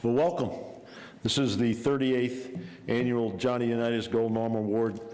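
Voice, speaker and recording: A man's voice: medium pitch, normal speed. Man giving a formal welcome speech. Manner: formal, steady address. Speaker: foundation leader. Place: banquet hall.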